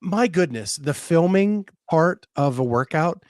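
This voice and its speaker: A man hosting a casual interview, asking relaxed, conversational questions. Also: fairly high pitch, a little slow, no room sound, studio quality. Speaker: podcast host, interviewer.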